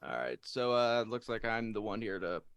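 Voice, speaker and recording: A man's voice: fairly low pitch, big pitch swings, moderate pace, a bit bright, clean tone, no echo. A man co-hosting a sports podcast, joking and teasing in casual banter. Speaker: podcast co-host.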